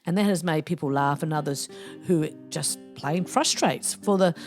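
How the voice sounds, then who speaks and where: A woman hosts her podcast in a playful, cheeky, chatty voice. Her voice sits a little low, and faint music plays underneath. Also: moderate pace. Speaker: podcast host. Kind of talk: casual monologue.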